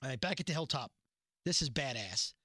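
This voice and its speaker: A man's voice: medium pitch, slightly rough, dry recording, clean studio sound. A man casually recapping a TV episode, animatedly acting out the quoted lines. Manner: animated retelling with quick quoted voices. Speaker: podcast host recapping a TV episode. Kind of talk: casual chat.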